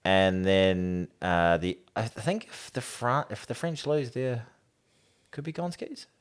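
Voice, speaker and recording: Rambling low-voiced New man. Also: steady tone, unhurried, clear, resonant tone. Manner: rambling, trails off mid-sentence, laughs while talking. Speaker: podcast co-host. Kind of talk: casual chat.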